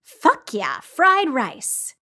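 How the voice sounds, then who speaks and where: A woman's voice: high-pitched, wildly swooping pitch, extremely slow, bright, forceful tone, pitched above the performer's own voice, exaggerated voice. A woman reading a story aloud and voicing a wry, grumpy adult man in a raised, bouncy voice.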